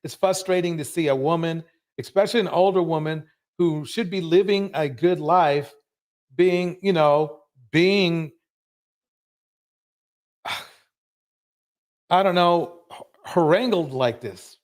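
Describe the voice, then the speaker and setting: A live-show host with a fairly high, darkish male voice rants emphatically about what he has just watched. He speaks slowly, pausing often and repeating himself.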